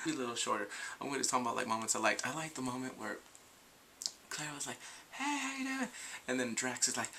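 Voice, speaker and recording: A young man talks through a TV episode in a loose, rambling review. His voice has a gravelly edge and a bright, forward tone. He keeps acting out scenes in quoted voices, and faint room noise sits behind him. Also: mid-range voice, very animated, fairly quick. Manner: rambling, goes off on tangents, often laughs. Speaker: video reviewer.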